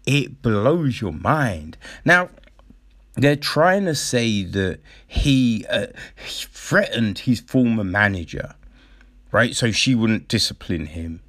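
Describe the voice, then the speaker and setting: A man giving casual ranting commentary, profane and incredulous, with drawn-out emphasis. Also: on the low side, expressive, fairly bright tone.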